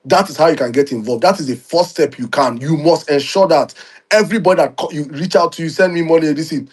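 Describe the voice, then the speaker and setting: A man's voice: on the high side, fast, slightly rough. A man, co-hosting and giving urgent, instructive advice. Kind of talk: advisory talk.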